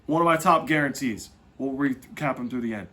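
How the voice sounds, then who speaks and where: A man hosts a football podcast in casual sports talk, correcting himself as he goes. His mid-range voice is brisk and lively, swinging between loud and soft.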